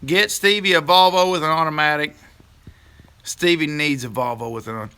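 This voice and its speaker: A man's voice: a little high, a little fast, bright, forceful tone, smooth. A middle-aged man hosts a casual live stream, chatting folksily with viewers and laughing easily.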